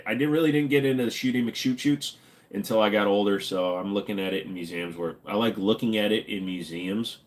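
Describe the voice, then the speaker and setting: Joking retired man chatting on livestream. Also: lowish voice. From United States. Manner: joking, reading chat, slipping into silly voices. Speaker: livestream host. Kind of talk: casual livestream chat.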